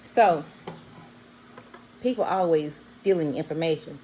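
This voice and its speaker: A woman's voice: deep voice, unhurried, slight background noise, poor audio. Chatty woman telling a story. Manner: animated, acts out quoted voices with bleeped words. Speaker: vlogger. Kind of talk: casual storytelling.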